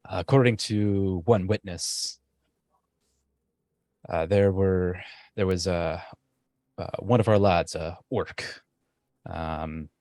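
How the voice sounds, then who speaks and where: A man's voice: low voice, steady tone, a little mellow, no echo. A man doing a deferential soldier officer. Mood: reporting trouble. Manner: deferential, halting with many fillers. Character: male soldier officer, polite and hesitant.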